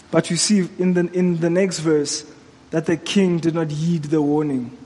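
A man preaching a sermon in an earnest, exhorting and measured way. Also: fairly high pitch, steady tone, mellow, in a large hall.

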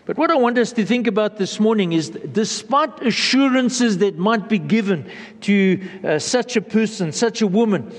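A man preaching a sermon in a church, earnest and measured, often pausing and repeating phrases. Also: sits high, animated, in a large hall. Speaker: pastor.

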